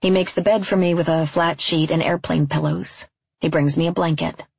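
A woman reading a first-person story aloud in a measured, wryly understated way. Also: low voice, steady tone, creaky, a little mellow, husky, dry recording, highs cut off. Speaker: narrator.

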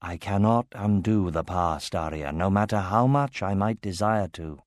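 A man voicing a proud elf queen pleading with her daughter, slow and regal. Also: low-pitched, dry recording, studio quality, close to an everyday voice. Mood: remorseful.

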